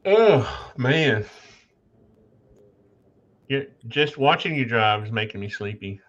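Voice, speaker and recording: A male host with a bright, sharp voice chats in an easygoing, helpful way. His sound comes through a muffled, dull call line, as if heard over a remote connection. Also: mid-range voice, lively intonation, takes it slowly. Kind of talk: casual chat.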